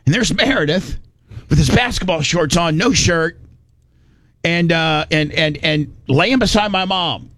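A man's voice: fairly high pitch, unhurried, fairly bright tone, no echo. A middle-aged man from Indiana telling a long casual story, rambling with many restarts and salty words.

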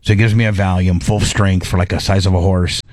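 A man's voice: low-pitched, a little fast, dry recording. A middle-aged man hosting a radio show, telling a story in casual chat and acting out his own inner voice. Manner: animated, acts out his inner voice.

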